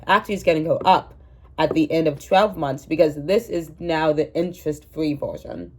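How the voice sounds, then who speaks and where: A woman's voice: deep voice, a little mellow. A woman in her twenties with a cold, rambling casually and self-mockingly to her viewers, recorded at home on the camera's own mic. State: sick with a cold. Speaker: vlogger. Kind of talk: casual chatty vlog. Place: at home indoors. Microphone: camera mic, no microphone.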